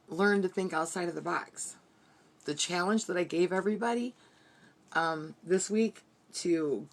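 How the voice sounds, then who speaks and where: A woman giving an earnest, heartfelt motivational team training from her bedroom. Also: on the low side. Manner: earnest, heartfelt, repetitive pep-talk.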